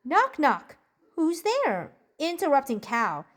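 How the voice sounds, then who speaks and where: A chatty, bookish cartoon girl, voiced by a woman, rattles off jokes and journal entries in a bubbly, giggly way. Her voice sits high and swings up and down with animated energy. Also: slow, exaggerated voice. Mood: cheerful joking. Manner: bubbly, giggly joke-telling. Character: cheerful bookish preteen girl, upbeat and chatty. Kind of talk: journal-style character monologue.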